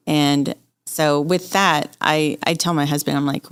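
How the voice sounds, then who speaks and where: A woman's voice: sits low, steady tone, unhurried, clean tone, no room sound. A woman in her forties, an interview guest, telling her personal story openly and with feeling. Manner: candid, open, quotes people she talks to.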